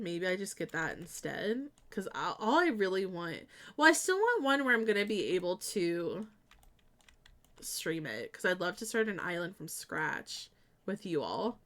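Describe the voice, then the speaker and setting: A chatty young woman streams while building in a game, her voice a middle-pitched everyday tone. She giggles often and breaks into sudden bursts of excitement. Keyboard typing clicks along behind her. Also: moderate pace.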